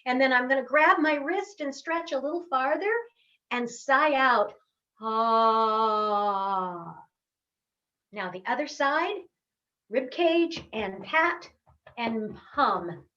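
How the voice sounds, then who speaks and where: Slow, high-voiced woman leading a vocal warm-up. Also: animated, dull audio. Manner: slow, encouraging instructions with long sung hums. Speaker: voice coach leading a workshop warm-up. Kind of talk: guided vocal warm-up instruction. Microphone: webcam on a video call.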